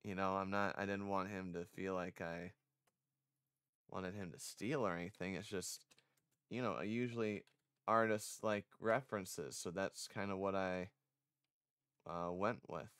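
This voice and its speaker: A man's voice: deep voice, steady tone, unhurried, long pauses, a bit bright, smooth, dry recording. A man streaming casually, rambling and self-conscious, a little congested. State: slightly congested. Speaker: vtuber streamer.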